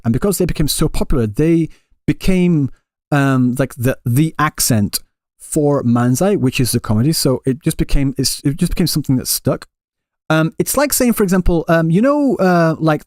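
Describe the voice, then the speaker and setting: A man's voice: mid-range voice, darkish tone, no echo. Rambling male streamer, dry close sound. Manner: rambling, many restarts, conversational. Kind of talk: casual chat answering live chat. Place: Japan, Kansai area.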